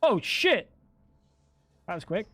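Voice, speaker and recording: A high-voiced man chatting casually while he streams a game. He explains bluntly, often sounds exasperated and swears freely. His voice sits close and dry, with no room sound at all. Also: very animated, slow pace, a bit bright, slightly rough, no echo. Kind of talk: casual livestream chat while gaming.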